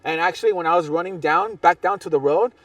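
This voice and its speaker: A man's voice: on the high side, quick pace, a bit bright, no room sound, far from the mic. A man guest on a podcast, telling a long hiking story in a rambling way, with many restarts and fillers. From Southern California. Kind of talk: casual storytelling interview.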